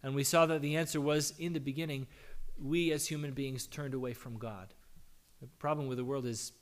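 Man preaching with a voice going hoarse. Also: medium pitch, fairly even intonation, a little fast. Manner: conversational, poses and answers questions. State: losing his voice from a cold. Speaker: pastor. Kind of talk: sermon.

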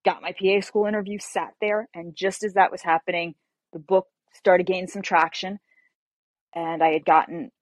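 A woman novelist telling her story as an interview guest in an animated, conversational way. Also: on the low side, normal speed, dry recording. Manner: animated, acts out dialogue while telling a story.

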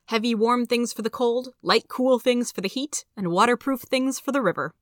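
A woman's voice: on the high side, moderate pace, dry recording. Woman reading a story, dry and close. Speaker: narrator.

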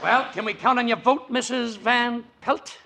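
A man trading gravelly, punning comedy patter as host of a 1940s radio comedy. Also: very high voice, moderate pace, heavy background noise. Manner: gravelly clowning patter with puns and laughs. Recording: old broadcast with music and live audience.

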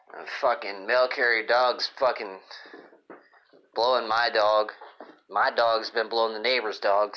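A man doing a crude, rambling comedic podcast monologue, swearing constantly and sounding moody. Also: medium pitch. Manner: profane, moody, rambling rants. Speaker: podcast host. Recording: dull lo-fi phone app recording.

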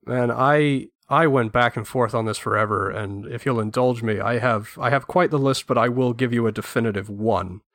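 A man's voice: mid-range voice, moderate pace, few pauses, a bit bright, dry recording, clean studio sound. A man guesting on a film podcast, talkative and enthusiastic, giving strong opinions at length. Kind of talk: casual film podcast chat.

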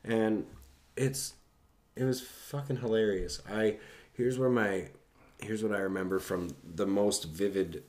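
A man's voice: fairly low pitch, steady tone, a little slow, darkish tone. A young man telling a casual, profanity-laced anecdote in a rambling way.

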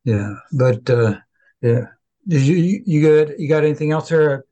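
A man's voice: on the high side, expressive, moderate pace, warm tone, highs cut off. A man co-hosting a podcast, answering in short, agreeing casual replies.

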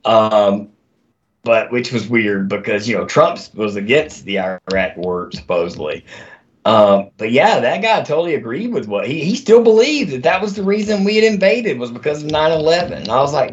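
Speaking at a medium pitch and normal speed, this male army veteran is a guest in a relaxed conversation, telling stories with lots of energy and swearing. The recording sounds dull and lo-fi.

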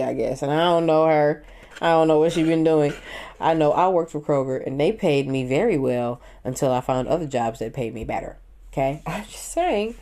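A woman in her thirties ranting casually and profanely, swinging from loud outbursts to muttered asides. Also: deep voice. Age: 30s. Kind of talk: casual rant to camera.

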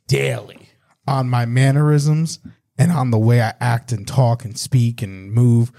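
A man with a New York accent hosts a casual podcast chat. His voice is mid-pitched and mellow, and he tells stories with animated quoting. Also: a little slow, creaky. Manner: animated, storytelling, quotes people mockingly. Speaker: podcast host.

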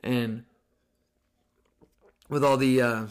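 A man in his thirties hosting a podcast, telling a story in casual, animated, profane style. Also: medium pitch, drawn-out words, clear, resonant tone. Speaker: podcast host.

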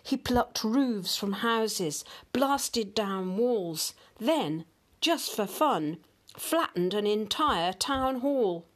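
An older woman, a grandmother, reading a storybook aloud with gentle, expressive narration. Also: mid-range voice, drawn-out words.

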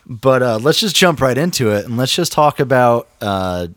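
A man in his late twenties co-hosting a loose, unedited podcast. He rambles in a casual, profane way, often stopping and restarting his thoughts. His voice is mid-pitched and recorded dry and close. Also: animated, normal speed, a bit bright, no echo. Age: 20s. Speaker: podcast co-host. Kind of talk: casual chat.

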